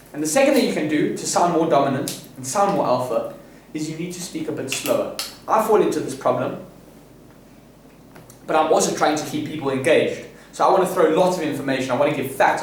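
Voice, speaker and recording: A man's voice: a little high, slight background noise. Boastful man in an echoey room. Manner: boastful, self-assured, rambling with restarts. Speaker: vlogger giving self-improvement advice. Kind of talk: casual advice monologue. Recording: echoey room, voice distant from mic, faint room ambience.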